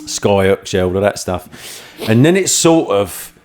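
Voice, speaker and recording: A man's voice: lowish voice, sing-song, a little slow, a little mellow. A man telling rambling anecdotes in casual chat, often laughing and acting out voices. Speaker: podcast host and former firefighter.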